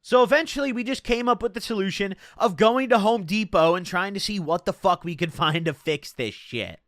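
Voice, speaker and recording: A man's voice: high-pitched, a little fast, fairly bright tone, dry recording, studio quality. A man in his twenties casually telling a rambling, profane story from his own life. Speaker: streamer.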